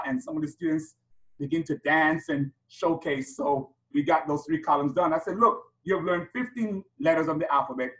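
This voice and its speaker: A middle-aged man runs a teachers' workshop, his voice sitting a little high for a man. He checks in with the room and breaks into rhythmic chants to demonstrate. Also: normal speed, fairly bright tone, low-quality recording. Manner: rhythmic, chants letters to a beat; asks the audience rhetorical questions. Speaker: teacher trainer leading a workshop.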